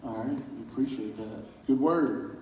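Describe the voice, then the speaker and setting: Recorded from a distance in a roomy community center hall, a male pastor speaks at a measured pace in a medium-pitched voice. He gives a relaxed church talk full of folksy stories and chuckles, and the audio is dull with a little hiss or hum.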